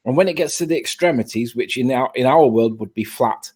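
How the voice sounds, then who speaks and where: Man on a call, insistent and stammery, mid pitch, casual debate. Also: brisk, darkish tone, slightly rough. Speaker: caller on a live stream. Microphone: video call.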